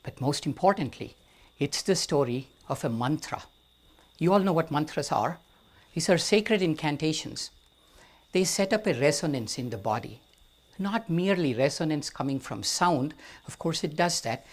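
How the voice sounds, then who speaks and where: A man from India with an Indian accent, telling a story to a live audience in an amphitheater, speaking slowly and deliberately with wry humor. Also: fairly high pitch, expressive. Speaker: guest storyteller.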